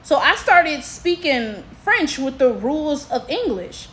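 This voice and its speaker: High-voiced American woman vlogging. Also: slow pace, a little hiss or hum. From United States. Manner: animated and candid, often tags lines with "right?". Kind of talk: casual commentary to camera.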